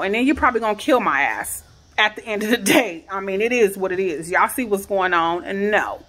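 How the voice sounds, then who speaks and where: A woman's voice: mid-range voice, a little fast. Upset woman in her thirties vlogging. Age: 30s. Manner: upset, animated storytelling, rising to near-shouting questions. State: shaken. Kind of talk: emotional personal vlog. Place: her home garage.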